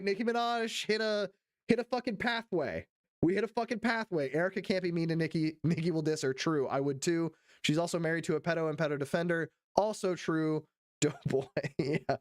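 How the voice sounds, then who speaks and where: A young man streaming, reacting to clips in profane, excited commentary full of laughs. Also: high-pitched, dry recording, clean studio sound.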